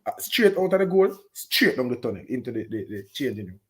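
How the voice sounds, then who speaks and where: Fast-talking Jamaican man. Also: medium pitch. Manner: animated, patois-heavy storytelling. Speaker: football fan pundit. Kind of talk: post-match reaction chat.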